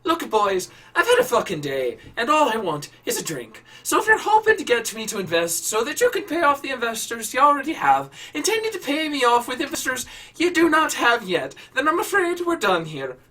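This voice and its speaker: A weary, short-tempered businessman with a put-on Irish lilt, as a storyteller voices him. He talks high, loud and brusque, and he brushes off anyone keeping him from a drink. The voice is bright and husky, heard from a little off the mic. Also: wildly swooping pitch, fairly quick, distant mic, exaggerated voice. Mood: fed-up, dismissive. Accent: attempted Irish. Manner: brusque, exasperated, dismissive.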